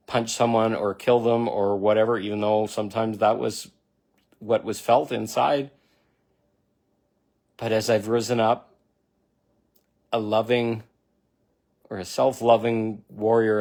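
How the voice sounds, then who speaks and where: A man's voice: on the low side, a little mellow. Earnest man giving spiritual encouragement. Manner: earnest, repetitive, near tears at times; affirming, speaks directly to the listener. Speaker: spiritual self-help speaker. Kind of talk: emotional motivational monologue.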